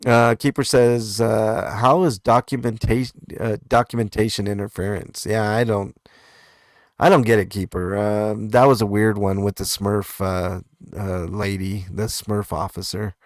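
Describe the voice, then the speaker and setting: A man's voice: fairly low pitch, steady tone, a little slow, no room sound, clean studio sound. A man hosting a casual comment show, reading viewer comments aloud in a laid-back, hesitant way with lots of fillers and small chuckles.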